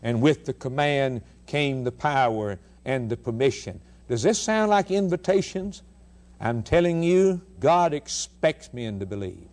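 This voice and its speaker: A male radio preacher delivering an emphatic sermon, firing rhetorical questions and swinging between loud declarations and hushed lines. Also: mid-range voice, animated, unhurried.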